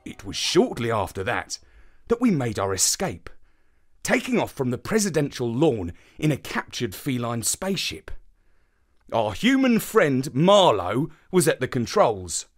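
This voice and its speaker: Man, bedtime story narrator, dry measured delivery, lively intonation. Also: medium pitch.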